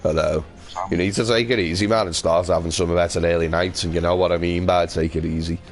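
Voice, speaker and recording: A young man with a low, deep voice and a Merseyside accent trades crude jokes while streaming a game. He laughs often and talks loosely. Soft game music plays behind him. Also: steady tone, fast talker. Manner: laughing, sweary banter. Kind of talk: casual chat while gaming.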